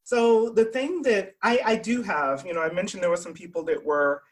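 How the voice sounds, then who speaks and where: A woman's voice: lowish voice, normal speed. A woman who is a guest in a casual interview, speaking with enthusiasm about her own experience. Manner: enthusiastic, tells personal stories. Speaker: guest, event organizer.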